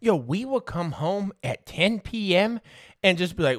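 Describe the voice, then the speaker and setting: A man's voice: high voice, very animated, normal speed, no echo, studio quality. A man in his thirties hosting a podcast, telling casual stories, swearing freely and laughing through them. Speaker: podcast host. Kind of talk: casual storytelling.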